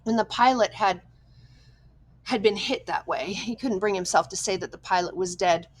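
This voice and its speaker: A woman narrates a novel as an audiobook in measured, tense storytelling. Her pitch sits in a middle range for a woman. She reads at a steady pace. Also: a little hiss or hum, low-quality recording. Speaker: audiobook reader. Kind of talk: scripted narration.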